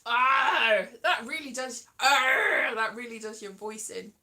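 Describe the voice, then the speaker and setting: A woman's voice: on the high side, moderate pace, sharp tone. A woman rambling through a playful comic monologue, singsong and fond of silly voices. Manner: playful, sing-song, slips into silly voices. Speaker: vlogger.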